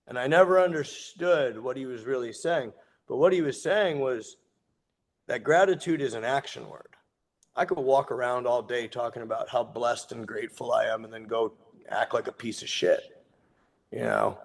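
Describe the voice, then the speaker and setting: A man in his thirties giving a sobriety meeting share, earnest and heartfelt, candid and quick to swear. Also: mid-range voice, vocal fry. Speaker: guest speaker sharing his recovery story.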